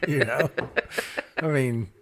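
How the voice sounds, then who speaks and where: A man co-hosting a relaxed podcast conversation. He ribs his friends with dry, teasing humor. His voice has an ordinary middle pitch for a man. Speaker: podcast co-host. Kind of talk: casual chat.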